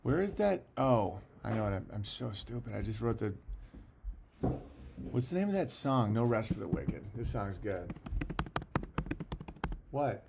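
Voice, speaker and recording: A man's voice: lowish voice, very animated, measured pace, gravelly, pauses often, noisy background. A man hosting a casual livestream, rambling, reading viewer comments aloud and talking bluntly with the odd swear word. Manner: blunt and profane. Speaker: livestream host.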